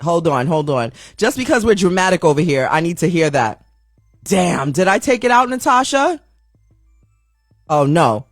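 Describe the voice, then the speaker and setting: A woman's voice: on the low side, big pitch swings, normal speed, no echo, clean studio sound, faint music behind. Chatty, slangy woman podcast host. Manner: chatty, slangy, self-mocking, stumbles over words. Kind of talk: casual celebrity news commentary.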